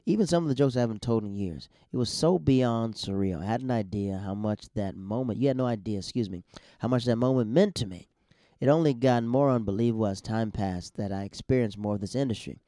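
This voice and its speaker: A man's voice: on the low side, fairly quick, warm tone, no room sound, clean studio sound. A man, a stand-up comedian, hosting a podcast in a loose, chatty monologue full of restarts.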